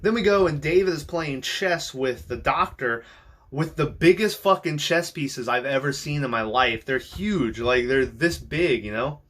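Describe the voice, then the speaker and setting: A man with a bright, forceful voice at an average pitch recaps a movie for his podcast. He rambles loosely, swears often and leans on fillers as he goes. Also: lively intonation, a little slow. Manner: rambling and profane, full of ums and likes. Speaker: podcast host.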